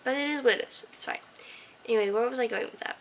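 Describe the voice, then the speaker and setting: A woman's voice: fairly high pitch, fast talker, slight background noise, rough recording. Rambling, sarcastic teenage girl. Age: teens. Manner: rambling, sarcastic, drifting between whispers and bursts of energy. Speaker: vlogger. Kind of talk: casual late-night talk to camera. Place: own room at night, lit by a desk lamp.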